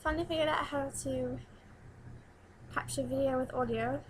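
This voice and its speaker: A teenage girl chats into her webcam at home, her voice sitting a little high. She rambles from one thing to the next and breaks into giggles often. A faint hiss runs under the home recording. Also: fairly even intonation, normal speed, poor audio. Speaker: new vlogger. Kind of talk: casual webcam chat.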